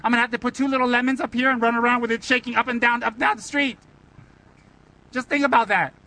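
High, bright-voiced playful Buddhist teacher. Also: male voice, steady tone, quick pace, low-quality recording. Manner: playful, teasing, rhetorical questions. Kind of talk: Dharma talk.

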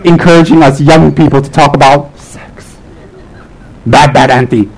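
Male lama, slightly high voice, animated and joking, punchy repeated lines in a live talk. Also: moderate pace, a faint crowd, poor audio. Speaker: Buddhist lama teaching his group. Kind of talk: live humorous dharma talk to an audience.

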